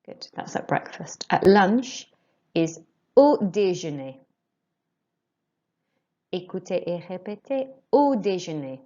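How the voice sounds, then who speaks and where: A woman teaching a language lesson, saying words slowly and clearly for students to repeat. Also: lowish voice, sing-song, warm tone, muffled recording. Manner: slow, clear modelling of words for repetition. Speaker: French teacher.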